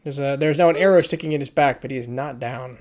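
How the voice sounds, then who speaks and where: Halting game master man at mid pitch. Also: darkish tone. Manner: halting, restarts while counting and ruling. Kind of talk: narrating a tabletop game.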